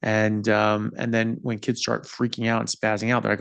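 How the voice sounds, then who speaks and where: A man hosts a conversational interview over a video call and makes his points earnestly and with emphasis. His voice has a gravelly edge. The sound is dry and close to the mic. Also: lowish voice, completely flat delivery, moderate pace, a bit bright, dry recording. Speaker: podcast host.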